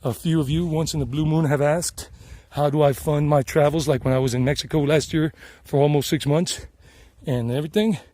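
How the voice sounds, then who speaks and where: A man's voice: fairly high pitch, fairly even intonation, fairly quick, warm tone, no room sound. A middle-aged man with a Southern US accent narrates his hike in a chatty, meandering way and sweats from the climb. He records on a handheld phone outdoors on a mountain trail. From South Carolina, United States. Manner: chatty, meandering, repeats himself. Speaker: travel vlogger and English teacher. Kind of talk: casual rambling narration while hiking.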